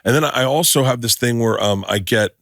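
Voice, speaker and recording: A middle-aged man hosting a podcast, telling stories in animated bursts with plenty of swearing and restarted sentences. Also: mid-range voice, fairly quick, gravelly, dry recording, clean studio sound. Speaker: podcast host. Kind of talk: casual chat.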